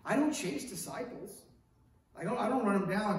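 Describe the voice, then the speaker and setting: Echoey distant male preacher, animated delivery. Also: high voice, brisk, background noise. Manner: lively storyteller with acted quotes and asides. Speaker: pastor. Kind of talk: sermon. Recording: echoey room picked up from a distance.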